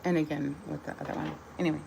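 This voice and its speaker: A woman's voice: low voice, little pitch movement, rapid-fire, vocal fry, background noise. A woman musing casually about her views, then reading a short devotional aloud, wandering and restarting as she goes. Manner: musing, meandering, with soft laughs and restarts. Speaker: vlogger sharing a devotional.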